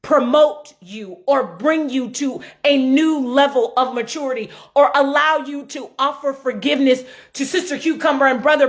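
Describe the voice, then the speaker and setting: Dramatic woman preaching, swinging loud to low. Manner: dramatic, rising to shouts and dropping low; humorous asides. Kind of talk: informal sermon.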